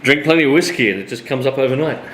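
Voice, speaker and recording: Animated Australian man, echoey room. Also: mid-range voice, very fast, slight background noise. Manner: animated, swears freely, laughs often. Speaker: co-host. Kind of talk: casual live-stream chat.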